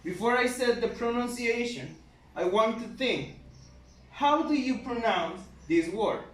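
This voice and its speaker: A man teaching an English grammar lesson, slow and patient, spelling out letters one by one. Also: extremely high pitch, expressive. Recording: echoey room, mic at a distance.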